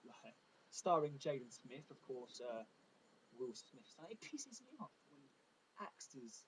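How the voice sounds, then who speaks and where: A man performing a stand-up comedy routine with deadpan, self-deprecating asides. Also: fairly high pitch, a little hiss or hum, low-quality recording.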